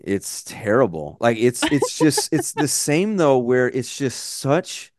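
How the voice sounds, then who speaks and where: Podcast co-host, American man in his forties, lively swooping delivery, swears freely, dry close sound. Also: mid-range voice, slow pace, no room sound. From United States. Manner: animated, swearing, rambling tangents. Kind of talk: casual chat.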